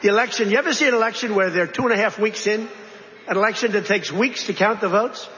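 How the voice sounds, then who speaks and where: A man's voice: high voice, fast, pushed and bright, a little hiss or hum. Rambling man giving a political speech. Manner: rambling, repetitive, digressive. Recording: dull recording with long hall reverb.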